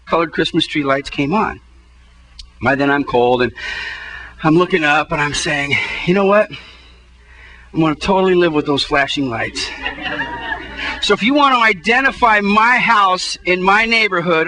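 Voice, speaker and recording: A pastor tells a comic story from the pulpit in a strikingly high, very bright and sharp man's voice. He acts out his own frustration, and his voice leaps even higher at those moments. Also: poor audio. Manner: animated storytelling, voice jumping up when exasperated. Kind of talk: humorous sermon story.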